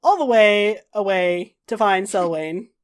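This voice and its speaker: A woman's voice: medium pitch, measured pace, noisy background. A woman running a tabletop game as game master, narrating with wry, dry asides and casual swearing.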